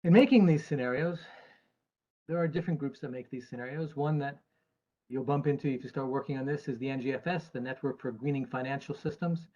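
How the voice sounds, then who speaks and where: A man's voice: medium pitch, a little fast, warm tone, dull audio. An American man, an actuary, giving a presentation to investors in an earnest, emphatic way with dry asides. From United States.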